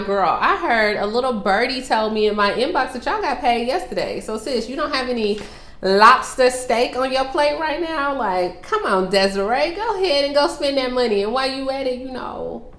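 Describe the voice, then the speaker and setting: A woman's voice: on the high side, fairly bright tone, roomy sound. A woman hosting a casual Q&A vlog, sassy and teasing as she answers viewer questions and calls them girl and sis.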